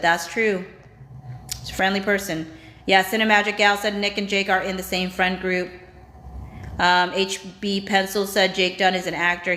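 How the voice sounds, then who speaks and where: A woman hosting a casual livestream reads viewer comments aloud and reacts with chatty asides. Her mid-range voice is fairly bright, and the room has a noticeable echo.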